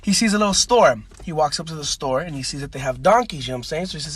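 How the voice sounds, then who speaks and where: A man's voice: on the high side, expressive, very fast, a bit bright, husky. A young man telling crude jokes in a loose, casual way, often asking if you know what he's saying. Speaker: TikTok joke teller.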